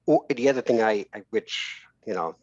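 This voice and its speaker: A man's voice: lowish voice, animated, normal speed, a little mellow, dry recording. Male guest, New York accent, blunt and self-deprecating; dull, dry recording. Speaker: guest, real estate financier. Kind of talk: casual interview chat.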